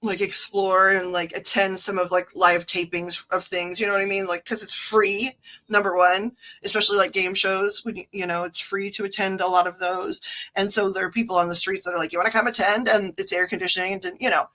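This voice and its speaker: Bright-voiced Midwestern woman streaming. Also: mid-range voice, level tone, brisk, poor audio. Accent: Midwestern American. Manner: chatty and digressive, reading the chat aloud. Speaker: card reader and livestream host. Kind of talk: casual livestream chat. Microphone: phone.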